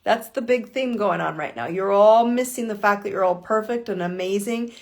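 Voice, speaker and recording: A woman's voice: mid-range voice, moderate pace, a little mellow. A woman life coach giving a blunt motivational talk on a live call, swearing and firing off rhetorical why questions.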